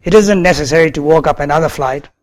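A man's voice: on the high side, fast, natural voice. Satan as a coaxing tempter, put on by a man. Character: smooth coaxing male tempter spirit.

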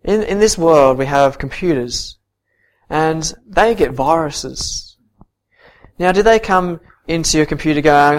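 A man preaching a sermon and reading scripture, earnest, swinging from soft to emphatic. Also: fairly high pitch, unhurried.

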